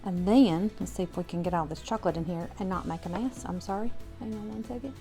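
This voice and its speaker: Faint music plays behind a Southern woman with a lowish, dark voice who talks fast while hosting a cooking demonstration from her home kitchen. She's casual and homey, frequently checking in with her viewers.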